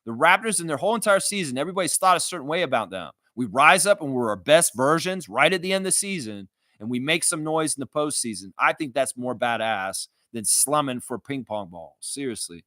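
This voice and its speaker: A man's voice: mid-range voice, brisk, few pauses, no echo. A man hosting a live sports reaction stream, ranting with lots of swearing over a close, dry mic. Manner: animated, profane, ranting. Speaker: livestream reaction host.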